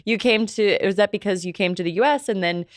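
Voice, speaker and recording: A woman's voice: mid-range voice, brisk, dry recording, studio quality. A woman hosting a podcast interview, empathetic and chiming in with short agreements. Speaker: podcast host. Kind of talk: conversational interview.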